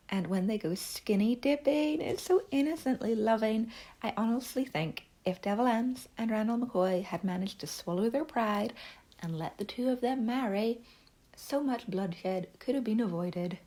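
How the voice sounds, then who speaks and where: A young woman giving a casual video review, chatty and enthusiastic, with breathy whispered asides. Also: a little high, moderate pace, warm tone. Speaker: book and TV reviewer.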